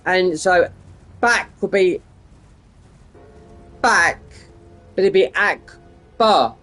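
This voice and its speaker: A man's voice: high voice, extremely slow, a bit bright, faint music behind. A man, chatting casually and meandering while streaming a game. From United Kingdom. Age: 50s. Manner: meandering, digressive, frequent restarts. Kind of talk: casual rambling chat while gaming.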